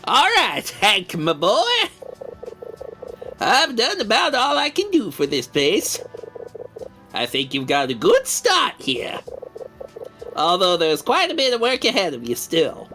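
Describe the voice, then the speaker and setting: A chuckling, easygoing old bear who runs the lumber mill, voiced by a woman. He talks in an unhurried, fatherly way with big rises and falls in pitch. The stream has faint music underneath. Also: wildly swooping pitch, bright, forceful tone, heavily acted.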